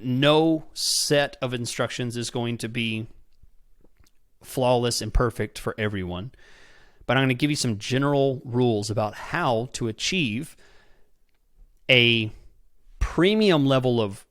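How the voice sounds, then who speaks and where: A man's voice: medium pitch, unhurried, pauses often, a bit bright, dry recording, studio quality. A man hosting a podcast, explaining a method step by step, often checking in with "okay?" and repeating words as he restarts sentences. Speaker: podcast host. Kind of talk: instructional podcast talk.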